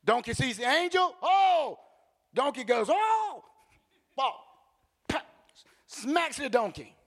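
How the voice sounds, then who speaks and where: A male preacher giving a sermon in animated storytelling, with blunt joking asides and bursts of shouting. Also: extremely high pitch, measured pace, big-room sound.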